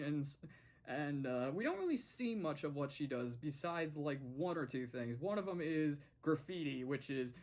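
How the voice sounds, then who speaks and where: A man talks through a casual episode recap in a slightly higher-than-usual voice. He rambles, chuckles often and restarts his sentences as he goes. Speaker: show reviewer.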